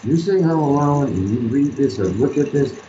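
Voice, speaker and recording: Brisk and lively in intonation, this man's medium-pitched voice has a dark tone, with slight background noise in a roomy, dull lo-fi recording. He's an artist guest in a casual interview, sharing stories earnestly and ramblingly.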